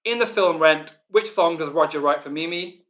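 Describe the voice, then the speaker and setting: Bright, chatty Northern English man. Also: fairly high pitch. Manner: chatty and informal, many ums, reads questions slowly and repeats them. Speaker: quiz host. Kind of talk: live online pub quiz hosting.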